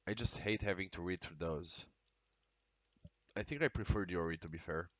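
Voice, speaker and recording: Excitable swearing game streamer man. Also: low voice, moderate pace, no room sound. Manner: excitable, swears a lot, frequent exclamations. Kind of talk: casual live-stream commentary while playing.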